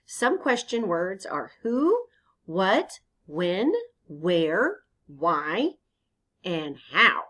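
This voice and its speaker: A woman's voice: mid-range voice, a bit bright. A woman teaching young children in an online lesson, asking them questions and answering them patiently. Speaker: elementary teacher.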